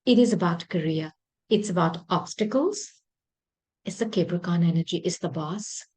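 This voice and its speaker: A woman with a low, husky voice gives a tarot reading to her viewers. She speaks emphatically and by intuition, doubling words for stress and clearing her throat now and then. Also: moderate pace, darkish tone, poor audio. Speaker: tarot reader.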